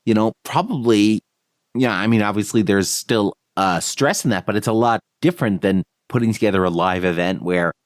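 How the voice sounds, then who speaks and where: A man's voice: on the low side, normal speed, no echo, studio quality. A man hosting a podcast who chats casually and backs his guest with short, encouraging replies. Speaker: podcast host. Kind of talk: casual interview chat.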